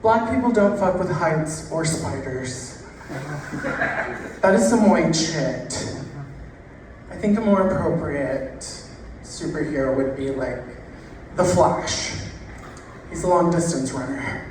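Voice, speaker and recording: A woman doing a stand-up set in a slow, deadpan delivery that stretches her punchlines. Her voice sits in a middle range. It is picked up from a distance in a very echoey club with faint room noise behind. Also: low-pitched. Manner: unhurried, deadpan, drawn-out punchlines. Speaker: stand-up comedian.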